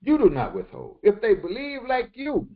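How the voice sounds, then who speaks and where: Lively lo-fi man teaching Quran commentary. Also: sits high, gravelly. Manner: explains slowly with repetitions and Arabic quotations. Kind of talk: verse-by-verse Quran commentary lesson. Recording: dull lo-fi recording.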